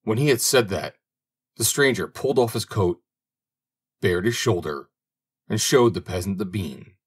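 Low husky guy reading a fairy tale audiobook, lots of pitch movement. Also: lively intonation, unhurried. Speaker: audiobook narrator. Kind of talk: storybook narration.

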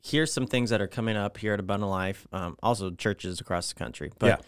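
Young male pastor, clear smooth tone, dry close sound, easygoing podcast banter. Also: lowish voice, fairly quick, dry recording. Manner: relaxed, joking, hesitant with fillers. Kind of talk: casual podcast chat.

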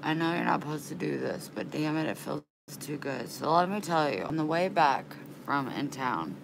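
Low-voiced woman venting in a casual vlog. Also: animated, moderate pace, gravelly, background noise. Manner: rambling, worked up and indignant; folksy, frank, swears casually. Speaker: vlogger.

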